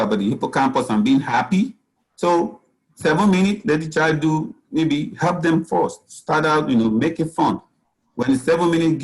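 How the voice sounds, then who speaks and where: A man's voice: a little high, a little mellow, poor audio. Earnest man giving parenting advice. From Nigeria. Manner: earnest, advice-giving, frequent "you know" fillers. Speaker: guest speaker, physician. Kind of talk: parenting talk.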